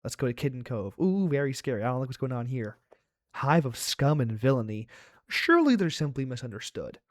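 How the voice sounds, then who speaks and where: A man talking through a game as he plays, with playful, chatty commentary and sudden gasps of surprise. His voice sits in a middle pitch. The sound is dry and close, with no room around it. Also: big pitch swings, brisk, dry recording. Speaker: let's play host. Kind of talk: playing a game aloud.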